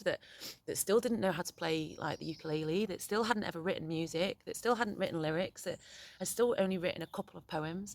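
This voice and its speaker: In a low-pitched voice with a fairly bright tone, a middle-aged woman who writes poetry and raises children muses openly on her life. Her talk is frank and halting, peppered with swearing and many false starts.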